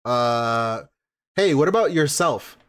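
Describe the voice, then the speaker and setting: A man's voice: medium pitch, lively intonation, slow, a bit bright, clean tone. A man casually commenting on a streamer's clips, sarcastic and profane, mocking what he hears. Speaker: stream reactor.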